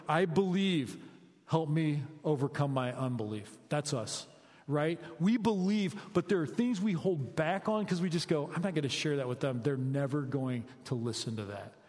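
A middle-aged man preaching a conversational sermon, energetic and quizzing his listeners with questions. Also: on the high side. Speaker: preacher, high school basketball coach. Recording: long hall reverb.

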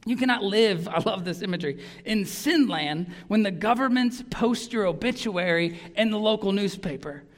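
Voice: medium pitch, expressive, moderate pace, hardly any pauses. A pastor preaching a sermon in an earnest, emphatic way, often repeating words for stress. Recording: long reverb of a large hall.

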